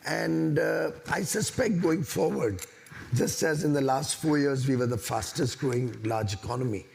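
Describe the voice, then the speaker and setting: A man's voice: mid-range voice, vocal fry, darkish tone. A man with an Indian English accent, speaking as a government minister on a discussion panel in an assertive, emphatic way. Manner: assertive, emphatic, with repeated points.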